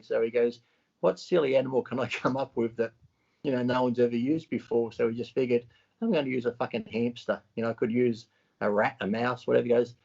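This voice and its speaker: A man co-hosting a podcast, talking bluntly with lots of swearing and animated retellings. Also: mid-range voice, creaky, dull audio. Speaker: podcast co-host. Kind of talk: casual chat.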